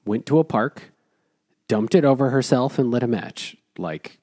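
A man's voice: medium pitch, expressive, unhurried, dark tone. A man co-hosting a casual book podcast, retelling scenes in a dry, matter-of-fact way. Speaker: podcast co-host.

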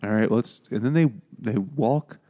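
A young man co-hosting a comedy podcast, telling a story in an animated way and quick to laugh. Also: medium pitch. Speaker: podcast co-host. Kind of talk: casual comedic chat.

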